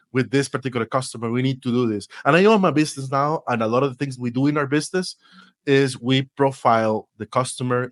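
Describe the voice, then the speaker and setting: A man in his forties from Costa Rica, a guest on a podcast, spins stories in English with a Costa Rican Spanish accent. His medium-pitched voice is lively and full of laughter, with frequent restarts, and there's no echo in this storytelling interview.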